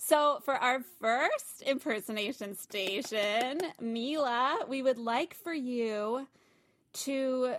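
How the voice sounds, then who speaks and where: A woman hosting a podcast in casual chat, bubbly and gushing, with lots of "like" fillers. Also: a little high. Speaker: podcast host.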